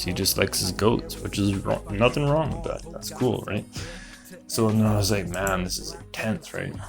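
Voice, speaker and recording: A man hosting a comedy show, rambling through a conspiracy-style monologue full of fillers and quick put-on voices for other people. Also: fairly low pitch.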